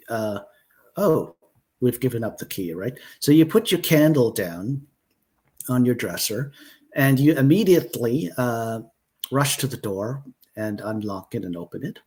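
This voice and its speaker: Brief: man, middle pitch, slow and halting, narrates and hands out turns. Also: darkish tone. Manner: slow, hesitant, many fillers. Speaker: storyteller leading the session. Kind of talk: improvised collaborative storytelling.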